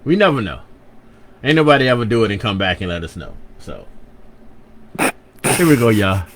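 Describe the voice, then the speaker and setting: Lower-pitched playful man radio host. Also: sing-song, moderate pace. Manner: playful, self-correcting, hypes the listeners. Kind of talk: casual radio chat.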